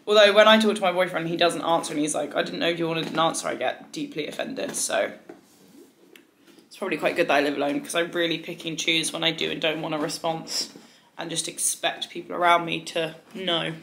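A woman in her twenties talking casually to the camera at home, rambling, animated and swearing freely. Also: deep voice, brisk, vocal fry, slight background noise. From United Kingdom. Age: 20s. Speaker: vlogger. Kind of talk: casual chatty vlog.

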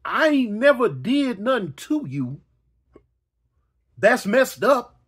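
Dazed card player, whiny, hurt, high-pitched, as a male storyteller puts him on. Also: big pitch swings, slow pace, slightly rough, heavily acted. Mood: aggrieved. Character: slapped man, dazed and aggrieved.

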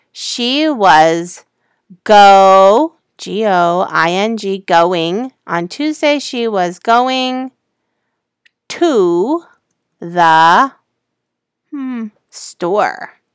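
A middle-aged woman teacher giving a slow, sing-song lesson to young children, spelling words out letter by letter. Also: medium pitch, animated, clean tone, dry recording, clean studio sound.

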